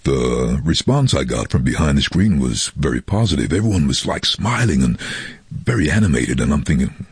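A man with an extremely low, booming voice and a husky, grainy texture tells his stories at ease. The recording is close and dry, and his delivery swings widely as he acts out the people in his tales. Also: moderate pace, dry recording. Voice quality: very deep, husky voice. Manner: relaxed storyteller who slips into quoted voices. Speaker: voice-over artist. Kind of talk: radio interview anecdote.

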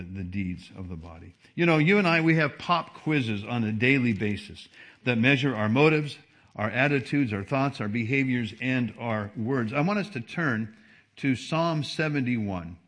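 A man preaching a sermon as a pastor, with animated delivery that swings between soft asides and emphatic peaks. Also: a little high. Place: church service.

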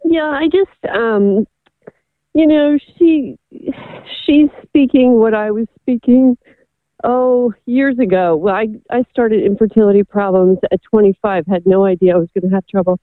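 A woman's voice: fairly high pitch, measured pace, dry recording. Middle-aged woman caller, tinny phone line. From California. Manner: hesitant and emotional. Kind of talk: call-in on a radio show.

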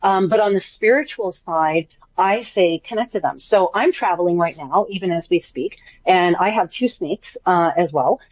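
A woman's voice: fairly low pitch, normal speed, hardly any pauses, dry recording, lo-fi sound. A woman who works as an animal communicator, talking chattily and enthusiastically as a guest in a radio interview. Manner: warm, chatty, enthusiastic, many fillers.

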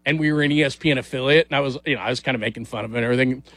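A man's voice: medium pitch, rapid-fire, fairly bright tone, dry recording. A middle-aged man hosting a casual sports talk radio show, rambling and self-deprecating and laughing often. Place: radio studio.

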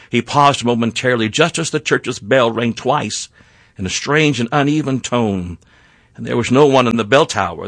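A man telling a history story in an earnest, measured way, with a few small slips and restarts. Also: medium pitch, a bit bright, dry recording. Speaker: narrator. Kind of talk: scripted history narration.

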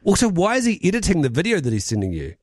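A man's voice: high-pitched, wildly swooping pitch, very fast, no room sound, studio quality. A man co-hosting a radio show in casual banter, teasing and reading listener comments aloud. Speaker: radio co-host.

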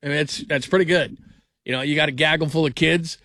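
On a late-night sports talk radio show, the male host rambles, restarts sentences and laughs a lot. He talks fast in a slightly high, steady voice that sounds pushed and bright. The studio mic gives a dry, close recording without echo.

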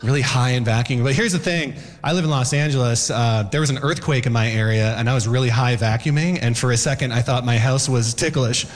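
A man performing a stand-up comedy set, animated and acting out loud shouted voices. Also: mid-range voice, a little fast, hardly any pauses, big-room sound. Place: comedy stage with live audience.

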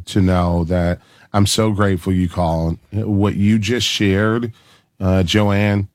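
A man hosting a Christian call-in radio show, speaking gently and encouragingly to callers and guests. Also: low voice, no echo, studio quality.

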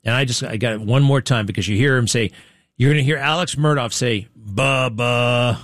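A man's voice: medium pitch, fast, no echo, clean studio sound. A man hosting a show, commenting bluntly on played clips and firing off rhetorical questions. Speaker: show host.

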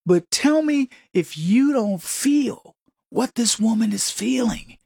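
A commentary host talks straight to the audience, animated and sarcastic, with a husky voice. The sound is dry and close, with no room around it. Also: medium pitch, slow, no echo. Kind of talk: conservative commentary monologue.

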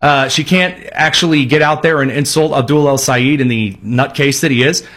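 A man's voice: mid-range voice, moderate pace, fairly bright tone. A man hosting a political commentary show, talking in a sarcastic, mocking and rambling way. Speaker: host.

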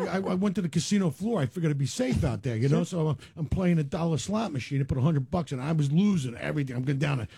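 A man doing stand-up storytelling on a radio show, animated and laughing through his jokes. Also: a little high, slightly rough. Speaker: stand-up comedian guest. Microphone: studio mic.

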